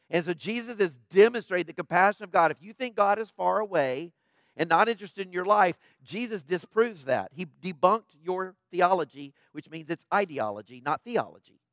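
A man's voice: high voice, fairly bright tone, dry recording, studio quality. A man preaching a conversational sermon, emphatic and plainspoken, often checking in with the listeners. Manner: emphatic, tags points with "right?". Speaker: pastor.

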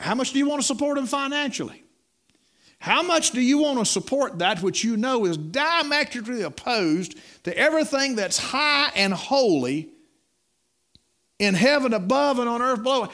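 A man's voice: extremely high pitch, bright, forceful tone. A middle-aged man preaching a sermon in a folksy storytelling way, repeating words and calling listeners "my friend.".

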